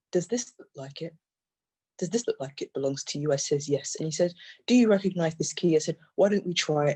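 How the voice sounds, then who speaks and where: A poet reading their own poems aloud in a measured, intense way, often repeating phrases. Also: medium pitch, dark tone, slightly rough. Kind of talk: poetry reading.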